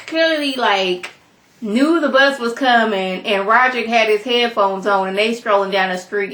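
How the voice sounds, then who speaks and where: A young woman reviews a TV drama in a chatty, sassy way, piling on animated asides. Her voice has a gravelly fry at mid pitch, and the room around her echoes. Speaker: TV episode reviewer. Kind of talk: casual recap commentary.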